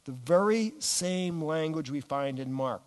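Animated male preacher in a reverberant hall. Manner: animated, drops low for emphasis, slows on key words. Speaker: pastor. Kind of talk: sermon.

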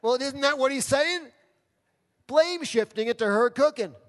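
A man's voice: very high voice, unhurried. A man from New York City preaching a sermon as pastor, firing off rhetorical questions and acting out people's excuses. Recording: long reverb of a large hall.

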